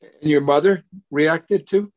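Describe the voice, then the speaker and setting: Friendly halting sports reporter. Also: male voice, fairly high pitch, a little mellow. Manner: friendly, slightly halting questions. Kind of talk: press conference questions.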